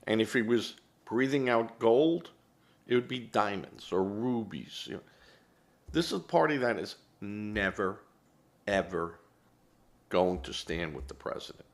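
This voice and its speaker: A man's voice: fairly low pitch, animated, takes it slowly, long pauses, fairly bright tone. A man giving opinionated political commentary as host, rambling and hesitant, often correcting himself.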